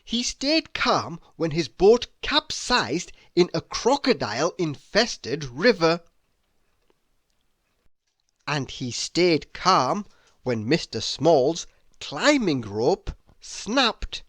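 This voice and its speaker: A man reading a children's picture book aloud in a slow, expressive storytelling voice. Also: on the high side, no echo, studio quality. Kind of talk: children's read-aloud narration.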